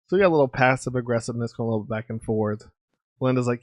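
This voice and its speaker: A man hosting a comic book channel, casually reading through an issue and acting out its dialogue in quick snippets. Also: mid-range voice, no room sound. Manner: reads dialogue aloud in quick character snippets.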